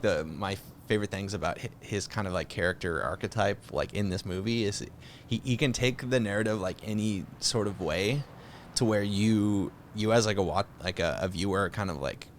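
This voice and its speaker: Low-voiced young man, casual and profane. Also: slight background noise. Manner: loose, profane, animated storytelling. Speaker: podcast co-host. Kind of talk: casual chat.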